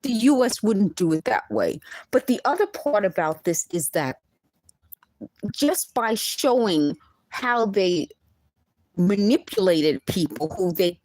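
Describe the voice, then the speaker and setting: A woman's voice: medium pitch, darkish tone, no echo. A woman, talking straight to camera in an emphatic, indignant monologue with laughing asides. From the Bronx, New York. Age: 50s. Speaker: vlogger.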